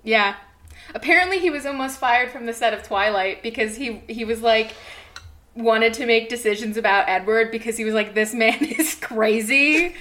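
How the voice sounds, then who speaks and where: A young woman co-hosting a casual podcast chat, reading an article aloud in a loud, animated way that breaks off into asides. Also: on the high side, normal speed. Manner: loud and animated, laughing, trailing off. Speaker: podcast co-host.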